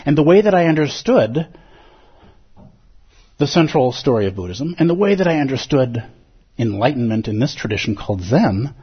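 A man giving a lively, playful dharma talk as a Zen teacher, acting out inner voices. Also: mid-range voice, normal speed, long pauses, slightly rough, highs cut off.

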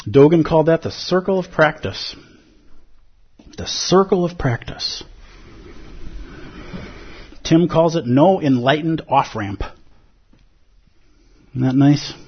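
Zen teacher guy, swoops up and down a lot, bit husky, muffled recording. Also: a little high, slow pace, pauses often. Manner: animated, playful, acts out inner voices. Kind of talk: dharma talk.

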